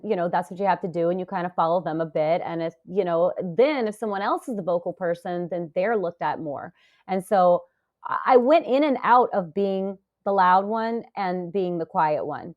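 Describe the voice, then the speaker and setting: A woman in her forties, a podcast guest, talking casually and telling stories with lively acted-out quotes. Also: lowish voice, normal speed, lo-fi sound. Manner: animated storytelling, acts out quoted voices. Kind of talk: casual interview talk.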